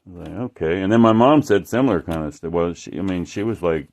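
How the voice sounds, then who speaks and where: A man with a somewhat low voice rambles through a casual monologue while showing off his artwork. He swears constantly and keeps breaking off and restarting his sentences. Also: a little mellow. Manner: profane, rambling, halting restarts. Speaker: artist showing his work.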